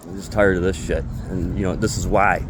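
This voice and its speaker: A man's voice: deep voice, little pitch movement, a little fast, background noise. A man venting angrily and with lots of swearing in a casual vlog about his retail job. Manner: angry, profane ranting. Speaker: retail store employee.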